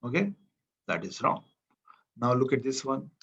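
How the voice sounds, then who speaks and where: A man's voice: medium pitch, big pitch swings, unhurried, fairly bright tone, slightly rough. An Indian English-accented man teaches grammar to a class, repeating his examples and asking students for their answers. His voice sits in an ordinary middle register. The sound is slightly muffled and lo-fi, like a classroom recording. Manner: explains with repetition and questions to the class. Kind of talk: classroom lecture.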